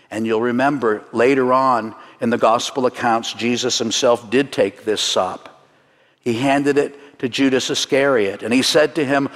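A man teaching a congregation through a Seder, earnest and slowing down for solemn points, with light jokes along the way. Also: medium pitch, a bit bright, big-room sound. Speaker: messianic teacher leading a Seder demonstration. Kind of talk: sermon-style teaching to a congregation.

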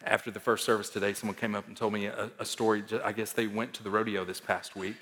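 A man preaching a sermon as pastor, emphatic, rising to loud stresses and dropping to soft endings. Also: on the low side, flat delivery, quick pace. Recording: long reverb of a large hall.

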